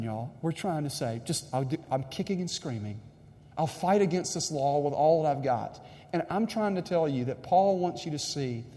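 A man's voice: fairly high pitch, warm tone. A man preaching a sermon, emphatic and direct, repeating his key lines to the congregation. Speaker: pastor. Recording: long hall reverb.

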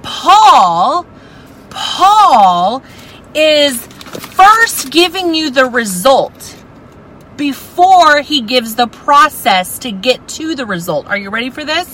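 Woman teaching bible study to ladies, super passionate, slow and bright. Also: high voice, big pitch swings, a little hiss or hum, low-quality recording. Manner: passionate, exclamatory.

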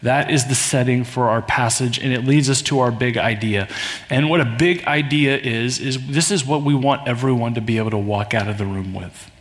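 A man's voice: medium pitch, moderate pace. A man preaching a sermon to his congregation in a conversational way, often building to emphatic rises. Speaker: pastor. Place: church sanctuary. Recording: long hall reverb.

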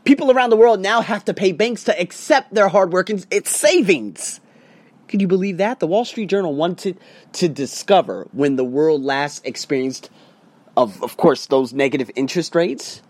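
A man talking to his viewers about money and investing in a rambling, conversational way, slowing down for emphasis. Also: fairly high pitch, lively intonation, no echo. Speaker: motivational vlogger. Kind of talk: casual talk to camera.

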